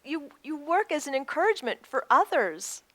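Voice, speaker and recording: A woman's voice: high-pitched, normal speed, no echo. A woman reading a picture book aloud to children, stopping to add lessons and asides. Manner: animated, with teaching asides. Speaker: children's story-time reader.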